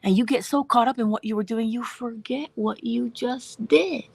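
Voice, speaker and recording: A woman hosting a morning inspiration livestream, giving an animated spiritual talk and dropping at times into whispers. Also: fairly high pitch, moderate pace, creaky, breathy edge, no echo. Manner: animated, acts out dialogue in voices, drops to whispers.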